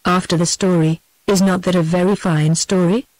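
A woman's voice: on the low side, fairly even intonation, moderate pace, darkish tone, no echo, poor audio. Eustace, a playful young storyteller read by a synthetic woman. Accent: British English. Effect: synthetic text-to-speech voice.

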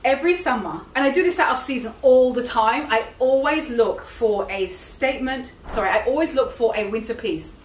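A chatty, enthusiastic woman in middle age, talking to camera from her home and tripping over her own sentences as she corrects herself. Her voice sits a little high and carries an airy room echo, picked up from a step back from the microphone. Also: expressive, normal speed, a little hiss or hum. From Britain. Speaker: fashion vlogger. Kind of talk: casual chat to camera. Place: indoors at home. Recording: roomy, slightly distant home recording.

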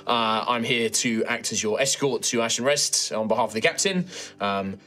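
A man's voice: medium pitch, moderate pace, sharp tone, lightly acted. A man doing a flustered army sergeant. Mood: friendly, flustered. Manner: stammering, rambling, jokey. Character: nervous, chatty middle-aged male soldier sergeant.

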